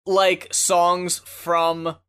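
A man's voice: high voice, completely flat delivery, drawn-out words, a bit bright, clean tone. A man co-hosting a podcast, chatting casually and joking with a laid-back, swearing manner. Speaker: podcast co-host reviewing albums. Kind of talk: casual chat.

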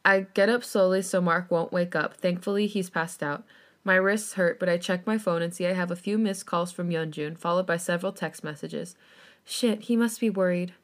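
A woman's voice: lowish voice, fairly even intonation, normal speed. A woman podcast host reading fan fiction aloud in plain first-person narration, with casual asides.

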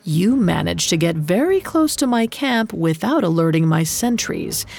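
A woman voicing a one-eyed male warrior chief who speaks in a slow, low, measured way. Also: very animated, vocal fry, darkish tone, exaggerated voice.

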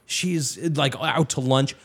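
A young man tells a story in casual chat, animated and swearing often as he acts out other people's lines. He speaks slowly in a husky, mid-range voice.

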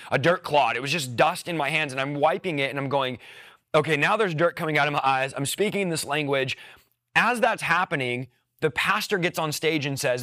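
Young man, podcast guest, faith testimony, earnest and emotional, somewhat high, bright forceful voice. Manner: earnest, emotional storytelling with repeated phrases.

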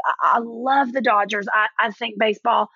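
A woman in her forties in casual chat, telling lively stories and acting out quotes in a higher voice. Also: normal speed, vocal fry, slightly rough, no echo, dull audio. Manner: animated storyteller, acts out quotes with a jump in pitch. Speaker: podcast guest.

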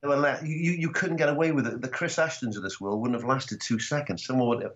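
A Welsh man telling rugby and comedy stories in casual chat, animated and swearing freely. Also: medium pitch, fast talker, muffled recording, slight background noise. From Wales. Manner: animated storytelling, swearing, acting out quotes. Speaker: guest comedian.

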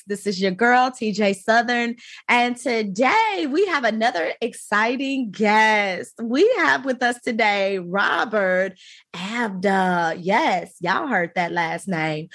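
A woman hosting a podcast interview, energetic and playful, speaking straight to her listeners. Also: fairly high pitch, measured pace, no echo, clean studio sound. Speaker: podcast host.

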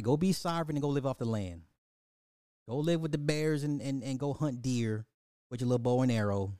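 A man's voice: mid-range voice, warm tone, clear, resonant tone, no room sound. Profane ranting man, dry podcast. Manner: profane, mocking, scolding the listeners. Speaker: podcast host. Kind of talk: ranting social commentary.

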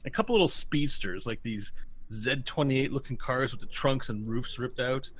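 A man's voice: mid-range voice, moderate pace. Man running a tabletop game, faint noise. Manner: relaxed, rambling descriptions with many fillers and frequent laughs. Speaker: game master.

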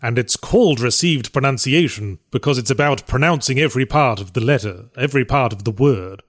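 A podcast host and game reviewer with a mid-range voice talks fairly quickly. He hosts a casual chat about reviewing games in a dry, wry, matter-of-fact way.

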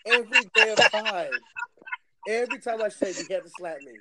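A man's voice: sits high, moderate pace, heavy background noise. A man telling stories in a casual podcast chat, laughing often. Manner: animated storyteller, laughs a lot. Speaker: podcast guest.

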